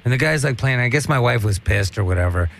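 Gravelly-voiced man, crude rambling talk. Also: mid-range voice, lively intonation, quick pace, fairly bright tone. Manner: rambling, profane, storytelling. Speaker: comedian guest. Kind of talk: crude casual podcast chat.

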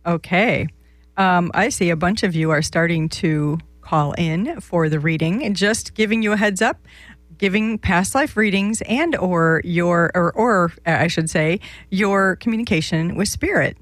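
A woman's voice: fairly low pitch, measured pace, dry recording. A woman hosting a live call-in radio show, giving psychic readings in a chatty, meandering way with many restarts.

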